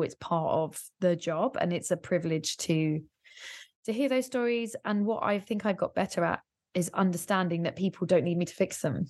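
A woman speaking in a podcast interview, lively and quick to laugh, acting out what other people say. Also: lowish voice, dry recording, clean studio sound. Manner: animated, laughing, acts out quoted people. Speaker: podcast guest and author.

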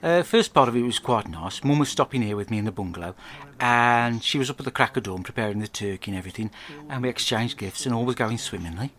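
A man with an English accent telling a crude comic diary monologue, rambling and deadpan. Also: medium pitch. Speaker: podcast host.

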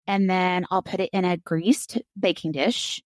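A woman's voice: lowish voice, fairly even intonation, unhurried, a little mellow, no echo. A woman co-hosting a podcast, explaining a recipe in an easygoing, offhand way. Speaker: podcast co-host. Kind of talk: casual chat.

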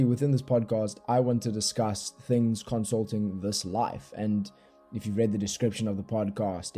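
A young man with a South African accent, hosting a casual solo podcast from his bedroom in a relaxed, rambling, slangy way, recorded on a laptop microphone. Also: fairly low pitch, husky. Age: young adult. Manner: laid-back, rambling, slangy. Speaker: podcast host. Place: bedroom at night.

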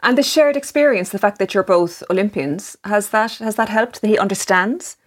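A woman's voice: medium pitch, normal speed. Woman interviewer, casual, prompting with short questions. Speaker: interviewer, host.

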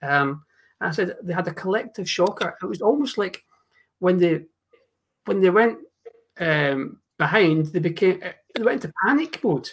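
A man, co-hosting a football podcast, emphatic and swearing in fast bursts. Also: high voice, lively intonation, husky. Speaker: podcast co-host. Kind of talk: casual football chat.

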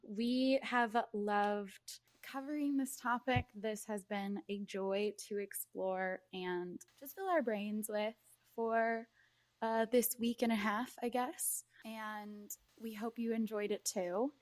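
A woman's voice: fairly high pitch, fairly even intonation, takes it slowly, no room sound. A woman co-hosting a podcast, talking in a casual, playful way. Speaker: podcast co-host. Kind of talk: casual chat.

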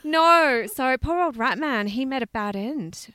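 Animated woman telling stories, dry mic. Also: sits high, unhurried, clear, resonant tone, no echo. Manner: animated, swears freely, laughs while telling. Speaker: podcast co-host. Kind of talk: casual storytelling chat.

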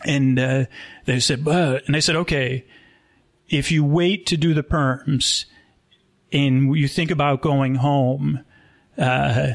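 Rambling man with a gravelly voice. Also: mid-range voice, slow pace, long pauses. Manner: rambling, deadpan, full of restarts. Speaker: storyteller. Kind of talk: improvised comic storytelling. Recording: rough live show audio.

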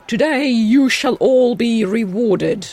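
A woman's voice: fairly high pitch, voice pushed up. A woman putting on a pompous proclaiming king. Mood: regal. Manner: slow, loud, stately proclamation. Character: pompous male king making royal proclamations.

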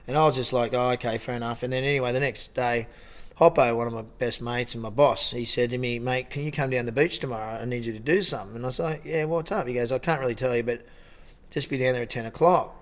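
An Australian man, a lifeguard on a TV show, telling stories in a rambling, animated way and acting out the dialogue. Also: mid-range voice. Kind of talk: casual storytelling interview.

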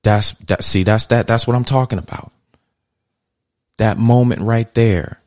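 In a clean studio recording with no echo, a podcast host with a medium-pitched voice speaks a little slowly. His casual monologue is blunt, profane and conversational, and it grows more heated and louder as it continues.

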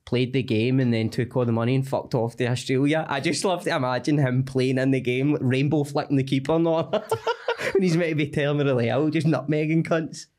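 A Scottish man sits close to a studio mic as a guest comedian. He tells jokey stories with a steady pitch for a man and plenty of swearing. The talk is loose podcast banter. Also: fairly quick. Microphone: studio mic close to face.

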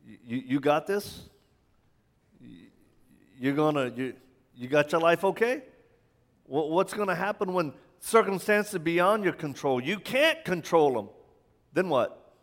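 A man preaching a sermon in a church, impassioned, firing rhetorical questions and stumbling over quick restarts. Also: a little high, lively intonation. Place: church sanctuary. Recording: long church hall reverb.

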